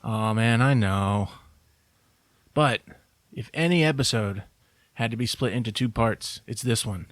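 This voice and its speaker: Relaxed man co-hosting a podcast. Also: medium pitch, measured pace, long pauses, dry recording. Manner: laid-back, brief replies and playful sign-off. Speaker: podcast co-host. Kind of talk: casual podcast chat.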